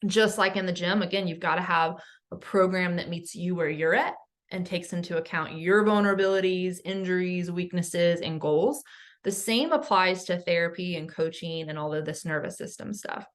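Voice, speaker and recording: A woman coach giving an educational talk, earnest, explaining step by step with questions and lists. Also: on the low side. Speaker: somatic coach.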